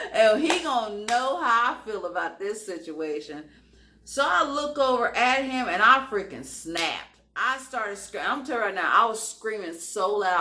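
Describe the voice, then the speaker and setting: Woman, young adult, casual storytime, animated, bright, echoey room. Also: medium pitch. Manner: animated, acts out quotes, lots of "like". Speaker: vlogger telling a story.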